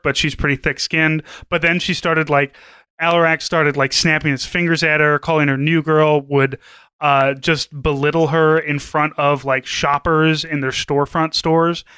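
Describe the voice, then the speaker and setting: A man's voice: fairly high pitch, pushed and bright, clear, resonant tone, no echo. A man co-hosting a podcast in casual chat, retelling a news story conversationally. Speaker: podcast co-host.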